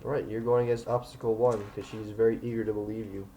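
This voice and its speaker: A young man running a tabletop game as game master, with a dark, mellow voice at an everyday pitch. He explains the rules in a relaxed, plain way, over a faint hum of the room. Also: fast.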